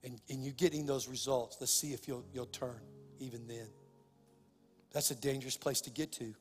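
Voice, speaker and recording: A man's voice: medium pitch, steady tone, normal speed, big-room sound, soft background music. Impassioned male pastor preaching. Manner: impassioned, swings between hushed and loud. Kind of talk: sermon.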